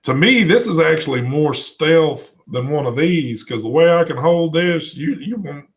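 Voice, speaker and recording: A man's voice: a little high, lively intonation, normal speed. A man co-hosting a live vaping show, chatting casually, reading out viewer comments and swearing now and then. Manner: laid-back, swears casually, reads chat aloud. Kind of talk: casual live-stream chat.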